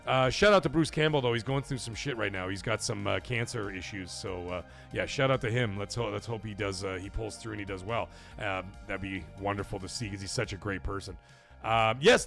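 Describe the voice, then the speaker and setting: A man from Canada hosting a casual livestream podcast, reading viewer messages aloud. He rambles, swears freely, and his energy swings between high and low. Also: a little fast, creaky, fairly bright tone, soft background music.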